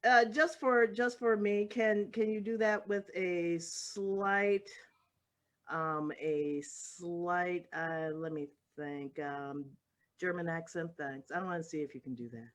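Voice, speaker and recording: A woman playing a casting director in an improv comedy scene, rambling and halting, full of fillers, over a video call. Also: on the low side.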